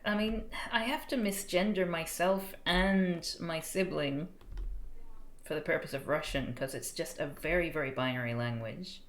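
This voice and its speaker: A woman's voice: on the low side, reverberant, a little hiss or hum. A young woman chatting casually on a study stream, thinking aloud with lots of fillers. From Australia. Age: young adult.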